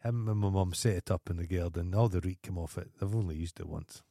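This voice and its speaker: A Scottish man co-hosting a podcast in casual chat, with deadpan, stubborn asides and dry jokes. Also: low voice, fast talker, creaky, no room sound. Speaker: podcast co-host.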